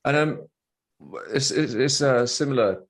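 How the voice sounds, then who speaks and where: A man's voice: medium pitch, a little slow. A man hosting an interview, asking hesitant follow-up questions. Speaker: host.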